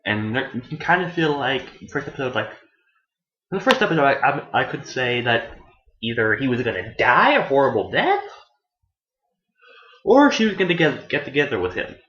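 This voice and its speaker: A man talks through his review in a loose, meandering way, his pitch swinging up and down. He keeps restarting his sentences and drops casual swearing. The sound is dull and lo-fi, with noticeable room echo around him. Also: big pitch swings, normal speed, pauses often, fairly bright tone, slight background noise. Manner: meandering, self-correcting, profane; acts out characters in shrill voices. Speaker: anime reviewer.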